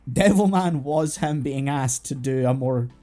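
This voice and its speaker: A man's voice: medium pitch, a little slow, warm tone, faint music behind. A man co-hosting a casual anime podcast, rambling through his points with frequent swearing and laughter. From United Kingdom. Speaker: podcast co-host.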